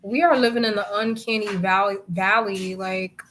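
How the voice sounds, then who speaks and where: Bright-voiced young woman ranting casually. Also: medium pitch, moderate pace. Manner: animated, profane and exasperated ranting. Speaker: vlogger. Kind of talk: casual chat to viewers.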